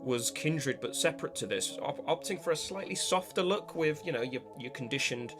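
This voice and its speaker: A man talks through a long commentary piece at a middling pitch. He speaks in a discursive, analytical way, stringing ideas together with frequent fillers and restarts. A little music sits quietly in the background. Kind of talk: spoken video essay.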